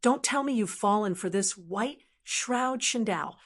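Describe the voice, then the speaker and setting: A woman's voice: medium pitch, lively intonation, a little slow. A woman voicing a lazy, brash young nobleman who scoffs and talks bluntly.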